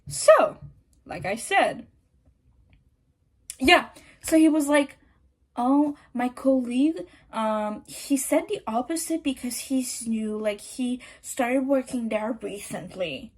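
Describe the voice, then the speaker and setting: A woman hosts her podcast in a loose storytime monologue. She talks in a chatty, exasperated way, full of fillers and the odd curse. Her voice sits slightly high. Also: expressive, slow pace, pauses often. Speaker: podcast host.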